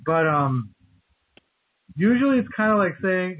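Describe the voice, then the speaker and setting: A male caller who stumbles, restarts and repeats himself as he talks. His voice is slightly husky. He comes through a thin phone line with a dry sound. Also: medium pitch, lively intonation. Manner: halting, with repeated words and restarts. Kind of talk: casual call-in chat.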